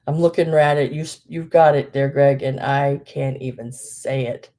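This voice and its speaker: A woman's voice: very deep voice, fairly even intonation, normal speed, dark tone. A middle-aged woman hosting a live vintage sale, chatting casually with many fillers and laughing at herself. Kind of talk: casual live-stream selling.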